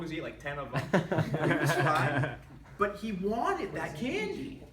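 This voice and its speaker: A man giving a prepared speech to an audience, telling a humorous family story with animated delivery. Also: high voice, a little hiss or hum. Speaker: public speaker. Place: meeting room with an audience. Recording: echoey room from a distant mic.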